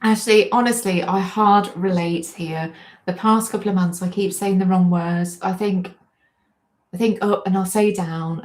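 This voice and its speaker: A woman's voice: lowish voice, darkish tone. A woman, hosting a casual livestream, reading out comments, chatting and often breaking into giggles. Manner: giggly, keeps breaking into laughter; chatty and self-deprecating. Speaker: livestream host.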